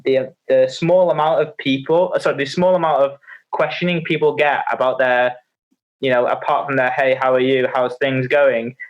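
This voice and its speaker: A man, an online fitness coach, chatting casually on a podcast in an animated, rambling way with many restarts. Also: on the high side. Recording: slightly muffled audio.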